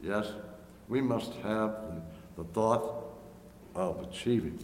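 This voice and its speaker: A man delivers a sermon at an unhurried pace, his voice sitting a bit low. He speaks earnestly and presses his listeners with emphatic questions. The sound carries long reverb from a large church hall, with faint room ambience behind it. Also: a little mellow, a little hiss or hum. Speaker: preacher. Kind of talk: sermon with invitation. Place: church sanctuary.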